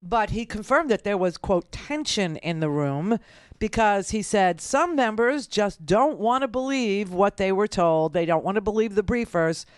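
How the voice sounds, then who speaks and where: A woman's voice: medium pitch, lively intonation, moderate pace, clean tone, no room sound, clean studio sound. Sarcastic woman radio host. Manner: sarcastic, combative. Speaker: radio talk show host. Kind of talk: political commentary.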